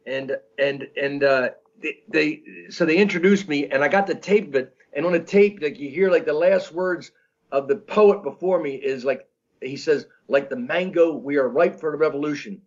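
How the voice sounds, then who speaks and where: A man in his sixties telling stories as an interview guest, rambling and halting with many restarts. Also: on the high side. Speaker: comedian guest. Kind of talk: casual storytelling interview. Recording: dull lo-fi audio.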